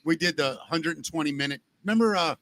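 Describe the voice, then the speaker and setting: A man hosting a podcast in casual chat, telling animated stories and swearing freely. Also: a little high, fast talker. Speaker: podcast host.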